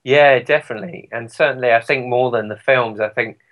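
A man's voice: mid-range voice, fairly quick, a bit bright, highs cut off. A man with a British accent, a musician chatting in an interview in a rambling, self-deprecating way with lots of fillers. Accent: British English. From Britain. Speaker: guest musician. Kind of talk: casual interview chat.

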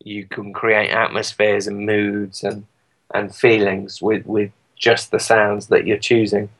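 Chatty British man, slightly low voice. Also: monotone, slow, fairly bright tone, rough recording. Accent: British English. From Britain. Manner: chatty, rambling, self-deprecating, many fillers. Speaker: guest musician. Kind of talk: casual interview chat.

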